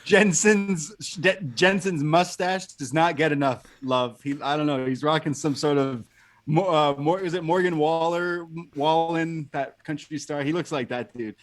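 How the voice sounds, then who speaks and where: A man co-hosting a wrestling review podcast, rambling and animated in casual chat. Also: on the high side, a little slow. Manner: animated, rambling, laughing commentary. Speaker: podcast co-host.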